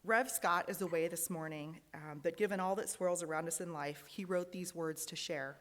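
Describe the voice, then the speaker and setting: A woman's voice: fairly low pitch, in a large hall. A woman leading a congregation service, reading out joys and sorrows in an earnest, heartfelt way. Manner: earnest, reading aloud, emotional at times. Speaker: lay worship leader. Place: large fellowship hall.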